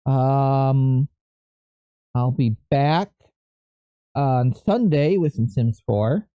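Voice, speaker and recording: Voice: mid-range voice, very slow, mellow, clear, resonant tone, dry recording. A live streamer chatting casually and thinking aloud, often stopping to correct themself.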